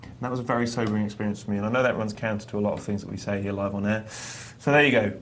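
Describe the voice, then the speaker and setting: A man's voice: on the low side, steady tone, racing, fairly bright tone, a little hiss or hum. A man co-hosting a live poker show, explaining ideas thoughtfully with occasional restarts. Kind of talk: live on-air poker talk.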